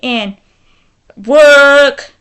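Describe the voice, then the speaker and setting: High bright-voiced woman ranting furiously. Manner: furious, halting, with many restarts. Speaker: vlogger. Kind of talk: angry ranting vlog.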